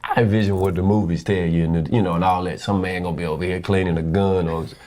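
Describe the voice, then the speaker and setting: Low-voiced guy telling a real story, earnest, acts out the quotes. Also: fast talker. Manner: earnest, animated, quotes people in changed voices. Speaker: husband sharing his story. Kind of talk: candid personal storytelling.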